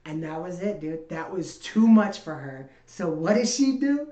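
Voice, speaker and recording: Lowish woman cohost, swears a lot, animated storyteller, echoey room. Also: unhurried, hardly any pauses. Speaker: podcast co-host. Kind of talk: casual chat.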